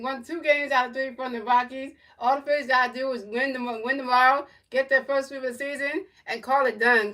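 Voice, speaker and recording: A woman hosts a livestream as a fan commentator, calling each pitch and talking straight to her viewers. Her voice sits fairly high and the mic is set a bit away from her. She drifts between play-by-play and loose chatty asides. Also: sharp tone, far from the mic.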